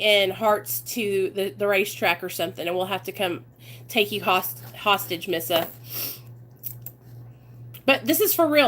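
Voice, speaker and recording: A woman's voice: a little high, a bit bright, slight background noise. A woman hosting a recovery channel, talking casually and encouragingly to her viewers with lots of fillers. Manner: chatty and encouraging, many fillers, calls viewers "you guys" and "y'all".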